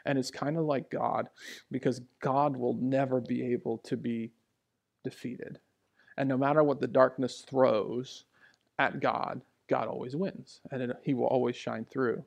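A man in his thirties preaching a sermon in a church, telling personal stories in a conversational way, dropping to hushed asides and rising for emphasis. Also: medium pitch, fairly even intonation, a little slow, vocal fry. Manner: conversational, storytelling, swings between hushed asides and raised emphasis. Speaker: pastor. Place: church sanctuary. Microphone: handheld or stage mic.

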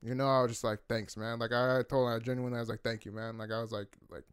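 A young man tells a rambling, slang-heavy story on a podcast and swears freely. He talks fast in a smooth, clear voice. The recording is dry and close. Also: medium pitch, flat delivery, dry recording. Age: young adult. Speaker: podcast co-host. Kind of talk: casual storytelling chat.

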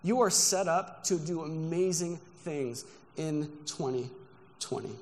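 A man's voice: on the high side, a little slow, slight background noise. A man preaching a sermon with earnest emphasis, telling personal stories from the pulpit. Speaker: guest pastor. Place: church sanctuary. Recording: long reverb of a large church hall.

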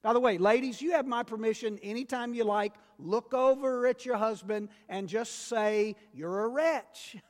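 A man preaching a sermon as pastor, emphatic and building to loud peaks, with asides to the congregation. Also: very high-pitched, steady tone, normal speed, long reverb tail.

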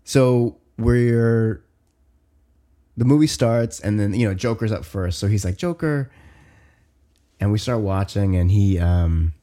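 A man in his thirties, a podcast co-host telling a long story in casual chat, animated, with lots of "like" and swearing. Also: fairly low pitch, a little slow.

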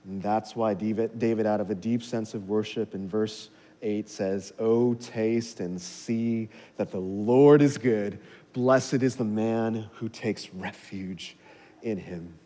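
A male pastor preaching a sermon, swinging from hushed intensity to loud, high exhortation, on a clip-on mic in a church. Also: fairly even intonation, slow pace. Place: church sanctuary. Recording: long hall reverb.

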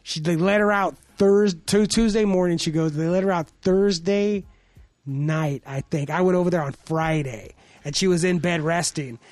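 High-voiced man telling a rambling story. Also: normal speed, darkish tone, no room sound. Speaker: podcast co-host. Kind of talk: casual chat.

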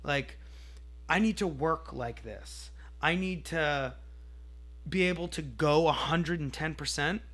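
A man's voice: on the high side, slow, a bit bright. A man co-hosting a podcast in casual chat, playful and rambling, joking with his co-host.

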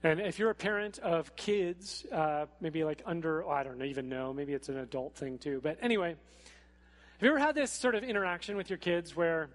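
A man preaching a sermon in a church, speaking in a casual, animated way with frequent fillers. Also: a little high, moderate pace. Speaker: pastor. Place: church sanctuary. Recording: echoey hall.

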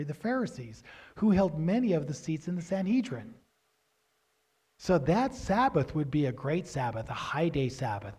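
A man preaching a sermon, asking questions and answering them himself, building to loud, emphatic stresses. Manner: grows loud and emphatic, rising pitch when stressing points.

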